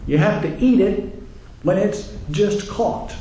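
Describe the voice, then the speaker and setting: Man, minister, high voice, slow wry sermon, echoey church hall. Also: dark tone, slight background noise. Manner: wry, conversational, acts out quoted voices. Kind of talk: sermon with humor. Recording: echoey room, faint ambience.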